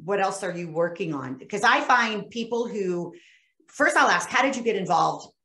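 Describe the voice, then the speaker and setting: A woman's voice: mid-range voice, lively intonation, normal speed, bright, forceful tone. Friendly host woman in an echoey room. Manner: friendly, searching for words, repeating herself. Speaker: podcast host. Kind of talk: casual interview conversation. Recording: roomy echo.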